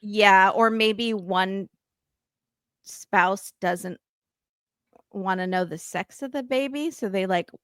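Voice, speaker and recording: A woman's voice: mid-range voice, slow, long pauses, clean tone, no room sound, clean studio sound. A woman hosting a casual recap podcast, acting out quotes with laughs. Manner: animated, acts out quotes with laughs. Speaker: podcast host.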